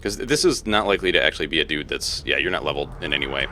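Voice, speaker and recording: A young man with a very low voice talks through his strategy out loud, chuckling and muttering to himself as he plays. His pitch swings widely between mumbles and excited bursts, with a faint hum of ambience behind him. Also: racing, few pauses. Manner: talks to himself, thinking aloud, laughs often. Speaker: let's play host. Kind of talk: casual gameplay commentary.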